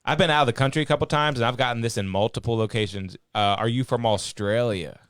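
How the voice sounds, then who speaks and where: A man's voice: medium pitch, quick pace, fairly bright tone, clean tone, no echo. A man with a Maryland Eastern Shore accent, co-hosting a casual chat with easygoing dry teasing.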